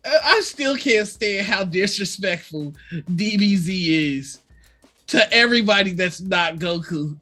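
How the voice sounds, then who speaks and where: Slow, high-voiced laid-back man. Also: lively intonation, pushed and bright. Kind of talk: casual chat.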